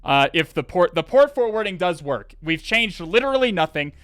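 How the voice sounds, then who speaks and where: Bright, crisp-voiced exasperated male streamer. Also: sits high, very animated, no echo, clean studio sound. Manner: exasperated, swearing, sighing, halting restarts. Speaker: livestreamer. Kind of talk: live-streamed hacking commentary.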